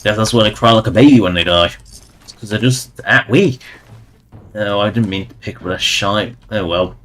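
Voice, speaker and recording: A man's voice: lowish voice, normal speed, fairly bright tone. A man streaming a game, giving casual, rambling commentary with wry asides and chuckles.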